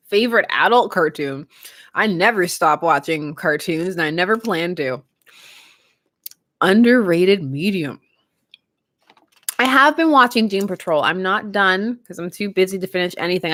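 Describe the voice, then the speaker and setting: A woman's voice: medium pitch, lively intonation, moderate pace, fairly bright tone, no room sound, studio quality. Giggly young woman chatting on stream. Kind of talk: casual live-stream chat.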